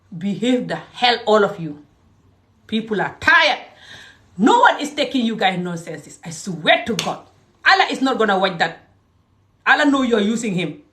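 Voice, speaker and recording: A woman with a Gambian English accent giving a heated, indignant vlog rant that swings between shouting and low muttering. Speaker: vlogger. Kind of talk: heated ranting monologue.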